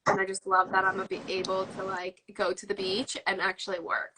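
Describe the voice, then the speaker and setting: A woman's voice: medium pitch, completely flat delivery, brisk. Congested woman co-hosting over a staticky call. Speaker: co-host. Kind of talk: casual live-stream chat. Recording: video call with clear static noise.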